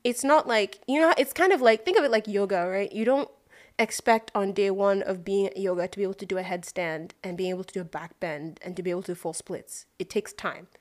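A woman's voice: mid-range voice, brisk. Frank, reflective woman co-host. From Nigeria. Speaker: podcast co-host. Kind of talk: casual chat.

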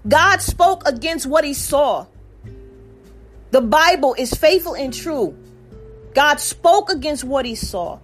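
A woman preaching with fervor, her voice sitting high and bright as she stacks one declaration on another. Faint music plays softly underneath her words. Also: lively intonation, slow, pauses often. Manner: fervent, repetitive declarations. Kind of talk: sermon and prayer.

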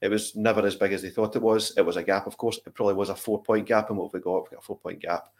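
A man talks through his views on his team in a casual podcast. His voice sits on the low side, and his delivery is thoughtful and opinionated. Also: steady tone, very fast. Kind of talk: casual football chat.

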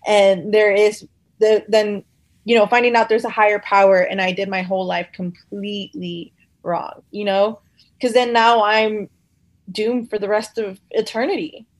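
A woman's voice: mid-range voice, flat delivery, measured pace. Woman chatting about her faith, rambly, tons of "you know"s, acts out what people said to her. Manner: rambling, many fillers and restarts; acts out quoted conversations. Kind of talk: casual faith chat.

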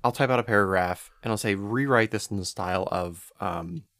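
A man with a lowish voice talks through his own experiences in an easygoing podcast chat. He uses some fillers. The sound is close and dry, with no room echo. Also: a little fast. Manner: relaxed storytelling, some fillers. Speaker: podcast co-host. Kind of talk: casual chat.

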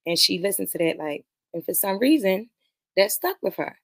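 A woman hosting a podcast reviews a movie, recapping its plot in a casual, rambling, profane way and speaking directly to her viewers; she mentions being nervous about streaming live. Her mid-range voice is animated and gravelly at a normal speed, on a dry recording.

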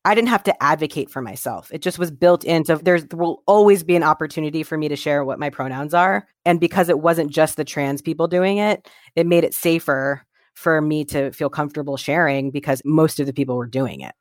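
Brief: earnest interview guest, mid-pitched voice, dry close recording. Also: brisk, no room sound. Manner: earnest, animated when quoting others. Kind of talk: conversational interview storytelling.

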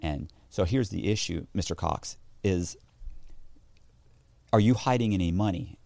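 A man's voice: low-pitched, measured pace, gravelly, dry recording. A man telling a story in a casual interview, acting out the voices of the people he quotes. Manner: animated, acts out quoted voices. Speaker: interview guest.

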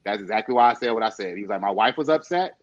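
A man in casual chat, telling an animated story full of quoted dialogue and laughter. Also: on the low side, racing, muffled recording.

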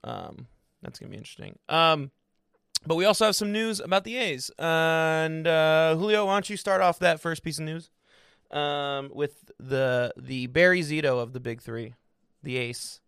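A man's voice: a little high, lively intonation, moderate pace, creaky, fairly bright tone, clear, resonant tone, no echo, studio quality. A young man co-hosting a casual sports podcast, laid-back and teasing, swearing casually as he talks. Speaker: podcast co-host.

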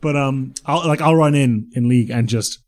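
A man's voice: medium pitch, darkish tone. A man co-hosting a casual podcast, joking and restarting his sentences. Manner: fast, jokey, stammering restarts. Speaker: podcast co-host. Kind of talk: casual chat.

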